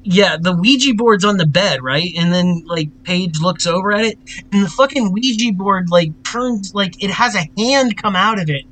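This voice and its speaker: A man's voice: high-pitched, expressive, moderate pace, a bit bright, poor audio. A young man co-hosting a podcast, chatting casually, laughing often and swearing freely. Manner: laughs often, loose and profane. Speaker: podcast co-host. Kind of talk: casual chat.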